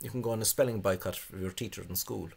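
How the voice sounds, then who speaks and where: A man's voice: lowish voice, fast, vocal fry, breathy edge. A man gives a spoken lecture on spelling, hesitant and full of fillers, with scornful asides. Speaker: language video host.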